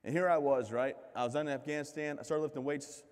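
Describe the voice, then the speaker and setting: A man's voice: a little high, fairly even intonation, quick pace, a little mellow. Joking male keynote speaker in a reverberant hall. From United States. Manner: joking, self-deprecating storyteller. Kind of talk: comedic motivational keynote. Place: large event hall.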